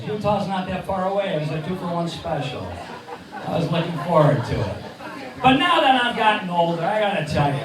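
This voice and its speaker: A man in his sixties from Cleveland doing stand-up comedy and a ventriloquist act, jokey with rambling punchlines. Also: sits high. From Cleveland, Ohio. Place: neighborhood bar stage. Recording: echoey bar, distant mic, crowd.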